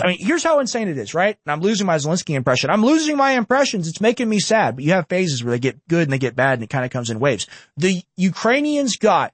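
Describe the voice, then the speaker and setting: A sarcastic male commentator ranting over paused clips. His voice sits high and jumps around a lot, and it sounds dry and close to the mic. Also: big pitch swings, slightly rough, no echo. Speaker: host. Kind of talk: political reaction commentary.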